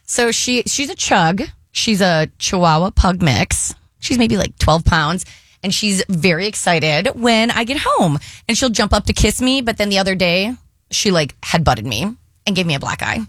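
A woman's voice: mid-range voice, lively intonation, normal speed, a bit bright, dry recording, studio quality. A woman co-hosting a radio show, telling a story with frequent laughs. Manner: giggly, storytelling. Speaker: radio co-host. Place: radio studio.

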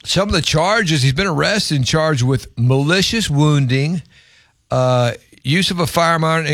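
A man co-hosting a casual news and sports talk show, joking around and reading headlines haltingly with fillers. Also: fairly high pitch, fairly bright tone, dry recording, clean studio sound. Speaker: co-host.

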